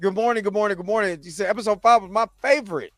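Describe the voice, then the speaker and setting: High-voiced animated man recapping a show. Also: racing, no room sound, studio quality, soft background music. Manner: animated, acts out characters' lines in his own voice. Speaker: show host. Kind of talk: casual TV recap commentary.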